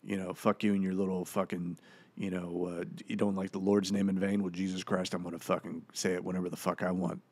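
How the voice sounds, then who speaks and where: A man's voice: low-pitched, flat delivery, fairly quick, darkish tone, no room sound. A man playing the rambling, profane ghost of a washed-up male actor in a comedic audio commentary, full of fillers. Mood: rambling, boastful.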